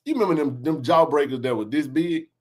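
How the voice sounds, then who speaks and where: Talking fast with a fairly high pitch, a man in his forties hosts a sports podcast. His neighborhood stories come out in laughing, slangy, animated bursts of casual chat.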